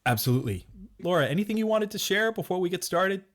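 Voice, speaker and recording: A man's voice: high-pitched, expressive, fast. A man hosting a podcast in casual chat, chatty and self-deprecating, laughing often. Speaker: podcast host.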